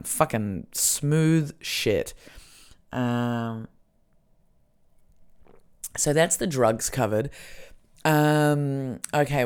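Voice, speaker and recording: A woman's voice: very deep voice, a little mellow, smooth. A woman hosting a podcast, telling casual stories in a rambling way with lots of fillers and swearing. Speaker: podcast host. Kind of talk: casual chat, storytelling.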